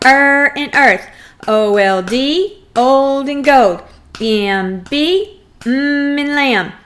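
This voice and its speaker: A woman teaching a first grade phonics lesson, sounding out letters and words slowly and clearly for young children. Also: high-pitched, a bit bright. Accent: Texan. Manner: slow, clearly sounded-out drills.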